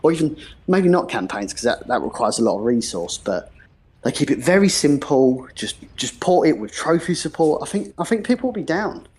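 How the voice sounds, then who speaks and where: A man's voice: fairly high pitch, sing-song, a little fast, a little mellow, slightly rough. A man with a British accent, a guest on a live stream, chatting casually and explaining his points at length with jokes. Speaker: guest commentator.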